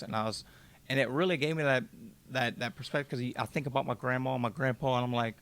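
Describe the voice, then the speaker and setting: Podcast guest, male, 20s, gravelly mid voice, candid storyteller with loose language. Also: medium pitch, steady tone, fast talker, fairly bright tone. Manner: candid and raw, swears freely. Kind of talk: personal storytelling.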